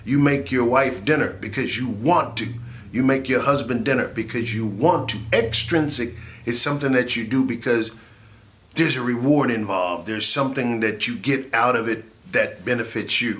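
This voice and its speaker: A man, a comedian and laugh therapist, giving an animated, jokey motivational talk that rises into shouts for effect. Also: fairly low pitch.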